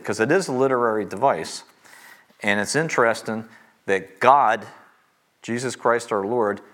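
A middle-aged man teaching a Bible class, stressing key points by repeating them slowly. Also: lowish voice, a bit bright.

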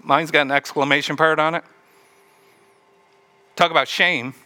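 A man's voice: a little high, fairly even intonation, moderate pace, bright, forceful tone. A man preaching a sermon, retelling a story and asking the listeners questions along the way. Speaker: pastor.

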